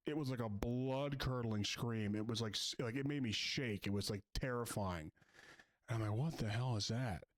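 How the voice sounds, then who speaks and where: A man from the Philadelphia area talks over a clip in a sarcastic rant. He mocks what he hears and riffs loosely between points, at an average mid pitch. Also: fairly bright tone. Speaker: reaction video host. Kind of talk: reaction commentary.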